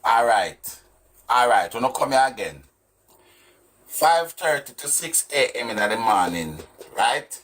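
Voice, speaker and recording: A man's voice: medium pitch, big pitch swings, slow pace, a bit bright, slight background noise. Jamaican guy ranting about an interview clip, mocking, lots of rhetorical questions. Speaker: commentator reacting to an interview clip. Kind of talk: casual commentary.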